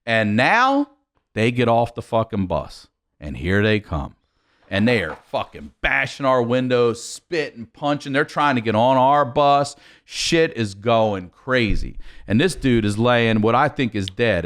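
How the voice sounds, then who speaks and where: Male podcast guest, rowdy raconteur, swings his pitch up and down. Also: a little slow. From Baltimore, USA. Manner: lively, profane, laughs while telling. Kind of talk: animated storytelling.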